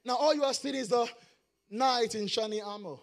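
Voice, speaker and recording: High-voiced preaching man. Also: normal speed, vocal fry. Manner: preaching, shouting and sing-song emphasis. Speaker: pastor. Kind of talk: sermon.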